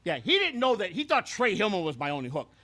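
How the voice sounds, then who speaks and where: In scripted comedic character storytelling, a host does a heavily acted turn as a brash, foul-mouthed ex-baseball clubhouse worker, rambling and tripping over repeated words in a boastful mood. His high-sitting voice swings hugely in pitch, moving at a quick pace with a slightly bright edge.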